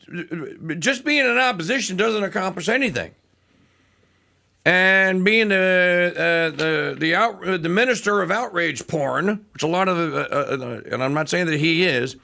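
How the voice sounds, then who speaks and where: Gravelly bright talk radio host. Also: male voice, fairly high pitch, normal speed. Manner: animated, mocking, breaks into voices. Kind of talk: opinionated talk radio monologue.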